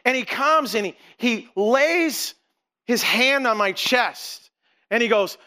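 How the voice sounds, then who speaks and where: A man's voice: very high voice, measured pace, sharp tone. A middle-aged man, a pastor, preaching a sermon with earnest storytelling and frequent restarts.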